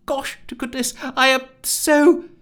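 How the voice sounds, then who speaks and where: A man's voice: very high-pitched, fairly even intonation, slow pace, fairly bright tone, pitched above the performer's own voice, heavily acted. A man voicing a flustered, bumbling woman office worker who stammers and gushes apologies in a storybook reading. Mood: apologetic. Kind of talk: audiobook character voice.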